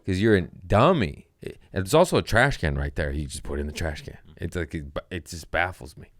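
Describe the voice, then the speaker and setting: A low-pitched male comedian spinning a crude workplace story with loud, animated outbursts and plenty of swearing. The sound is dry and close, with no room echo. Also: brisk. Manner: profane, animated, laughing storyteller. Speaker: comedian podcast host. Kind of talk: casual storytelling.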